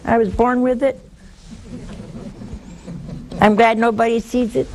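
An older woman giving a spoken religious teaching to an audience, folksy and animated, jumping to high emphatic tones and then dropping low and hushed. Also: a little slow, slight background noise. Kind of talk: spoken Catholic teaching talk. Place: live talk before an audience.

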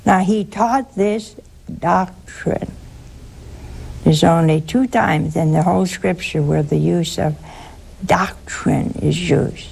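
An older woman hosting a religious call-in show, teaching slowly and emphatically with sudden high rises. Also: vocal fry, a little mellow, husky. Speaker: religious radio host answering callers.

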